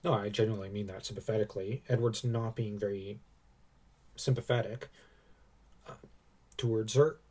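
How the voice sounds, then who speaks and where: A man's voice: on the low side, fairly even intonation, moderate pace, pauses often, a little mellow, slightly rough. A man hosting a podcast, retelling a movie scene in a rambling, chatty way. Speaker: podcast host. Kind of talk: casual movie review chat.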